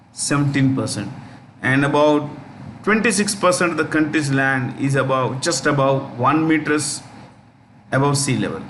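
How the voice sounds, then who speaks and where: Indian English male tutor, somewhat high, echoey room, faint hum, patient repetition. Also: a bit bright. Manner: repeats key names slowly, with fillers. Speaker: exam coaching teacher. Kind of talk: current affairs lesson.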